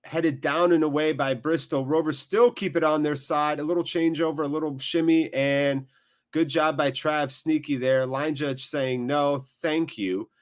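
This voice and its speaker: An American man hosting a live football watchalong. He jokes and chats with viewers between quick play-by-play. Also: on the high side. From United States. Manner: jokey, animated, quick play-by-play. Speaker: watchalong host.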